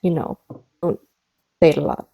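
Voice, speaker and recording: A woman's voice: moderate pace, warm tone, slight background noise, close to an everyday voice. A woman doing a guarded woman with a mashup accent. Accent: mixed put-on foreign accent. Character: tense secretive woman with stone eyes.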